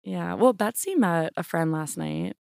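A woman's voice: fairly low pitch, lively intonation, unhurried, vocal fry, background noise. A young woman hosting a podcast, playfully steering the talk between topics. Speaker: podcast host. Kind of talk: casual chat.

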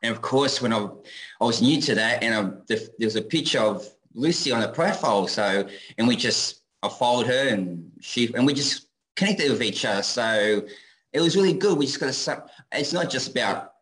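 A man's voice: mid-range voice, expressive, normal speed, fairly bright tone, poor audio. A man with a broad Australian accent chatting as a guest on a video call, hesitant with many ums. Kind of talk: casual chat on a video call.

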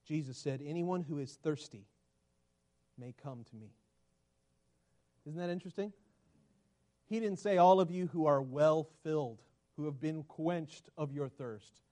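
A male pastor preaching a sermon, swinging from loud urging to hushed, slow reading of scripture. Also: fairly high pitch.

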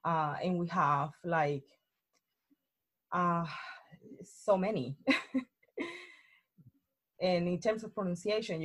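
A young woman from Colombia with a Colombian Spanish accent, a native Spanish speaker, chatting casually as a guest and telling stories in an outgoing, animated way with frequent laughter. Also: lowish voice, breathy edge. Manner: outgoing, animated storyteller who laughs often. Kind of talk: casual conversation.

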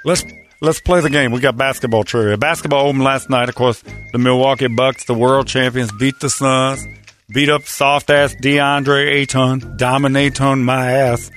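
A man hosting a sports radio show, his voice sitting at an ordinary middle pitch. He talks in a brash, teasing, trash-talking way, with loose joking banter throughout. Music plays clearly behind him. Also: steady tone, normal speed, a bit bright.

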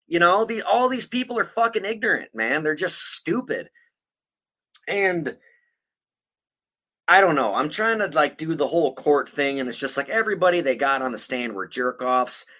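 Man, podcast host, high-ish voice, very expressive, constant swearing, casual storytelling. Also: normal speed. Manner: profane, blunt, laughs often. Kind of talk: casual true-crime storytelling.

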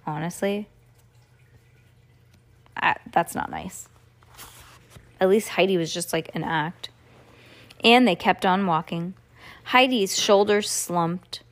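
A woman's voice: fairly low pitch, slow pace, pauses often. A woman reading a children's storybook aloud as a podcast host, breaking off for playful, chatty asides to a child listening. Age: adult.

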